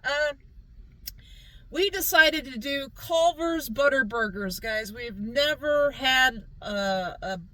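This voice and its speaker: Female vlog host, bubbly and chatty, highish voice, recorded in a car. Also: slow pace, pushed and bright, no room sound, poor audio. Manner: chatty, upbeat, keeps calling the viewers "guys". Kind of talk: casual food review chat. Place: inside a parked car.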